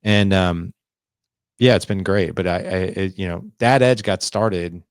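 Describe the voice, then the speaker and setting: A man's voice: low voice, measured pace, clear, resonant tone, no room sound, studio quality. A man in his forties, a podcast guest, telling a personal story candidly and earnestly, often acting out what people said. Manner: earnest, confessional storytelling with quoted dialogue.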